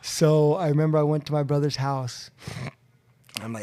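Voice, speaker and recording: A man recounting a personal story as a podcast guest, acting out the voices of others and going quiet when reflective. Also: normal speed. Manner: animated, acts out quotes with rising pitch and loudness. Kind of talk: storytelling in a recovery podcast interview. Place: room at a convention.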